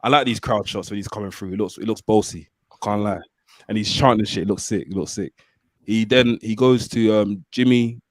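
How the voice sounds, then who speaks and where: A man's voice: on the low side, steady tone, fairly quick, dry recording. A man hosting a podcast, reading out listener comments in an easygoing way. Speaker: podcast host. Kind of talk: casual podcast chat.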